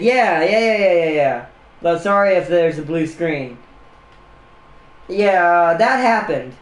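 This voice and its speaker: A man's voice: high-pitched, expressive, measured pace, roomy sound. A man streaming casual chat who rambles and laughs often at his own jokes.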